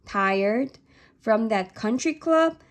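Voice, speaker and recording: A woman's voice: high voice, lively intonation, normal speed, voice pushed up. A woman reading aloud a scoffing, indignant middle-aged immigrant father from a novel.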